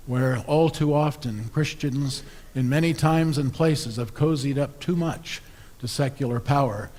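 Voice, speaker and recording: Episcopal priest guy giving a sermon, chatty and wry, mid-pitched. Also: darkish tone. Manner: conversational, wry storytelling.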